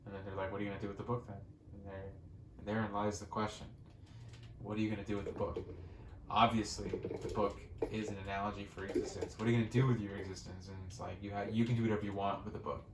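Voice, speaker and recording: A man's voice: on the low side, little pitch movement, quick pace. A young man in casual gameplay commentary, rambling, swearing freely and restarting his sentences. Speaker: gaming channel host. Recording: echoey room with faint noise.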